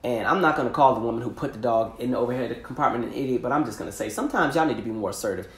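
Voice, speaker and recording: A man hosting a podcast, telling casual stories in a slangy, animated way and laughing often. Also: mid-range voice, racing, roomy sound. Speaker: podcast host. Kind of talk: casual storytelling monologue.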